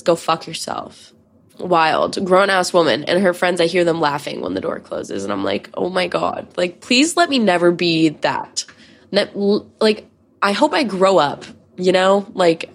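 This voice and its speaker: A woman in her twenties telling candid, profane stories as a podcast host in casual chat. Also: on the low side. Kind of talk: casual storytelling.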